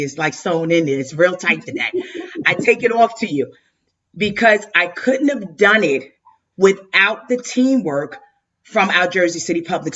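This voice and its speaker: A woman with a fairly low pitch and fairly bright tone hosts an emotional tribute on a live stream. Speaking over a video call with dull lo-fi sound, she pours out her feelings effusively, often tripping over and repeating her words.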